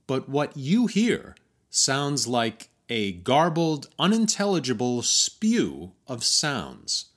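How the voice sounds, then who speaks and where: Animated American man narrating a podcast. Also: mid-range voice, slow pace. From United States. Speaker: podcast host.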